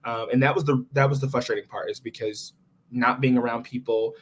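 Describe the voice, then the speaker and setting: An animated young podcast guest in his twenties retells what happened to him with real feeling, quoting his own inner monologue in a casual way. He speaks briskly at a medium pitch.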